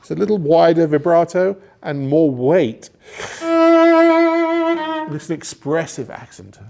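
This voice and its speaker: Gravelly man coaching a cellist. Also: on the high side, measured pace, mellow, faint music behind. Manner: encouraging, sings phrases to demonstrate. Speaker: cello teacher. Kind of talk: masterclass coaching. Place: music school hall. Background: cello playing.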